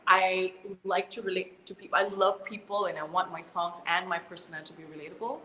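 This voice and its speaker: A woman's voice: fairly low pitch, little pitch movement, brisk, bright, forceful tone, reverberant, big-room sound, slight background noise. A woman singer, chatting casually as a guest, bubbly, laughing often and restarting her phrases. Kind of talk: casual video-call chat.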